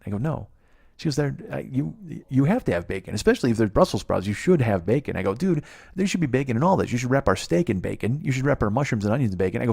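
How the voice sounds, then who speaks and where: A man's voice: fairly low pitch, expressive, quick pace, gravelly, darkish tone, breathy edge. A man in his forties hosting a podcast, telling a rambling, profane comic story that keeps losing track. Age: 40s. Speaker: podcast host.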